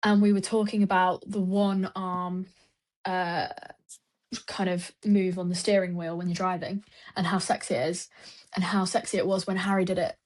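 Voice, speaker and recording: A young woman co-hosting a podcast, chatting casually and excitedly, often laughing and acting out what others said. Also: lowish voice, normal speed. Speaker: podcast co-host. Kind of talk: casual chat.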